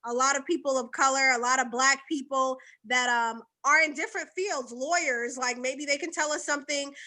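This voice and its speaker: Woman podcast guest from Boston, high bright voice, lively joking chatter. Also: moderate pace. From Boston, USA. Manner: laughs easily, lively and joking. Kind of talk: casual podcast chat.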